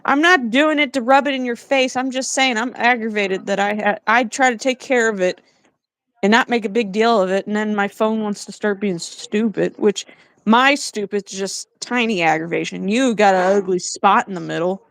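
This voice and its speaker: A woman chatting casually on a home livestream, teasing her co-host and telling animated stories with frequent laughs. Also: mid-range voice, normal speed, no echo. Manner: teasing, animated storyteller who laughs often.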